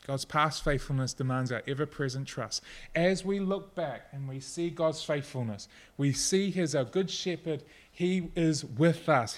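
A middle-aged man preaching a sermon, earnest and personal, at times soft and reflective. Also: on the high side. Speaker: pastor.

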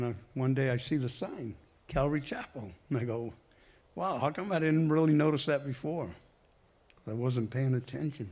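A man's voice: medium pitch, dark tone. A man giving a personal testimony to a congregation, talking conversationally in a rambling way and correcting himself as he goes. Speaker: church member giving testimony.

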